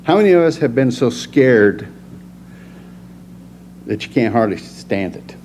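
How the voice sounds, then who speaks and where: A man's voice: mid-range voice, a little slow. A man preaching a folksy, plainspoken sermon with jokes in a church. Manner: joking, animated, plainspoken. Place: church sanctuary. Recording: dull lo-fi sound with loud noise.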